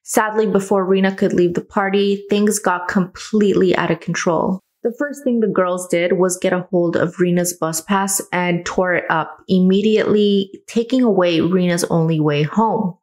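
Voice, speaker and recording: A woman's voice: fairly low pitch, moderate pace, few pauses, a little mellow. A woman hosting a true crime channel, earnestly retelling a case and adding her own comments. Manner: earnest, adds personal comments.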